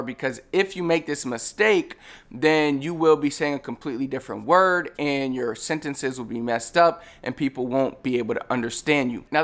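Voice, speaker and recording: A man teaching a casual spoken lesson, repeating drill sounds slowly and coaching the viewer. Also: a little high, a bit bright. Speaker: language teacher.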